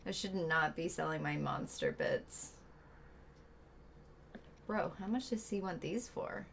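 A woman's voice: fairly low pitch, huge pitch swings, slow, vocal fry, fairly bright tone, a little hiss or hum. A woman streaming a video game, chatting casually, muttering asides and shooing a pet away. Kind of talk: casual gameplay chat.

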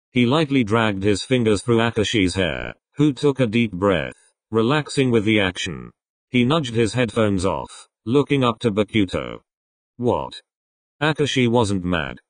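A man reading a fan-written text-chat story aloud, in an animated storytelling manner. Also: fairly low pitch, no echo. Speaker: reader.

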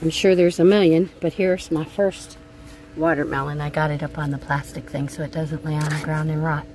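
A middle-aged woman with a lowish voice talks straight into a phone as she walks her backyard garden outdoors. She is blunt and foul-mouthed, venting her anger between remarks on her plants. A faint outdoor hum sits under her voice. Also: fairly even intonation, moderate pace. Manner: blunt and profane, venting angrily. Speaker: vlogger. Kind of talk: casual gardening vlog. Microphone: handheld phone camera.

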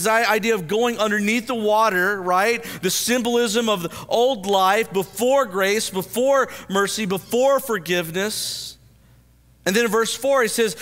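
High, bright-voiced preacher man in reverb. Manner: earnest, with frequent stammered restarts; swings between hushed and lively. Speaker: pastor. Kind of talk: sermon. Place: church sanctuary.

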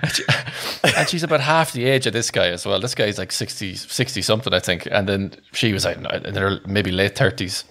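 A man's voice: on the low side, fairly quick, a bit bright. A man co-hosting a podcast, telling a long anecdote in a casual, rambling way, often restarting sentences and laughing. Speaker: podcast co-host.

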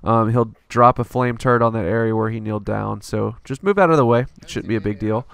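A man's voice: lowish voice, a little fast, creaky, clear, resonant tone. A man narrating a casual gameplay strategy guide in a loose, rambling way, full of fillers and offhand swearing.

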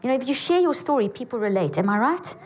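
A woman's voice: a little high, fast. Emphatic woman teaching a church audience. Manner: energetic and emphatic, checks in with the audience often. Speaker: guest speaker. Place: church auditorium.

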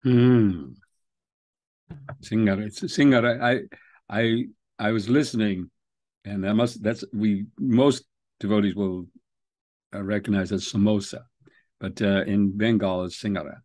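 A man's voice: fairly low pitch, fairly even intonation, measured pace, pauses often, a little mellow, dry recording. A man co-hosting a podcast, speaking in a hesitant, reflective way. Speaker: co-host. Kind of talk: podcast conversation.

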